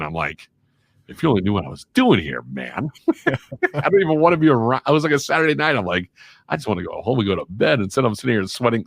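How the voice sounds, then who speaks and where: A man with a very low, deep voice tells stories in a relaxed, chatty way, slipping into voiced quotes of the people involved. The sound is dry and close, with no room around it. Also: husky, no room sound. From Chicago area. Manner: animated anecdote-telling with voiced quotes. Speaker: guest voiceover artist and radio personality. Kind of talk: casual storytelling chat.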